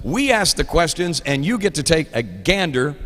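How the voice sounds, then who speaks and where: A man's voice: fairly high pitch, sing-song, moderate pace, fairly bright tone, in a large hall. A middle-aged man with an Oklahoma accent, hosting a live show in casual chat, laughing often as he reads out trivia.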